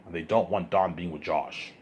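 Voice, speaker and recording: A man's voice: low-pitched, steady tone, moderate pace, a little mellow, breathy edge. A tired man vlogging to his viewers in a rambling monologue, repeating himself, stumbling over restarts and swearing.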